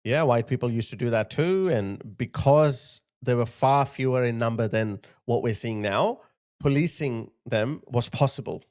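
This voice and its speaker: A man's voice: mid-range voice, a little slow, darkish tone. A man hosting his channel, giving indignant political commentary over video clips and often repeating himself to point things out. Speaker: channel host.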